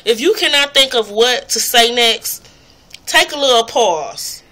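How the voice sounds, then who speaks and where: A woman's voice: a little high, expressive, a little slow, sharp tone. Blunt, profane woman ranting to camera. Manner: blunt, profane, exasperated ranting with mocking impressions. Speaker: vlogger. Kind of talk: casual rant to camera.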